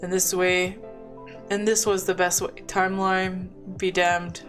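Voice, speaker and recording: A woman with a lowish voice reads a visual novel aloud, unhurried and flat, with faint music behind her. As a game narrator she voices both dialogue and narration, pausing now and then for chatty asides.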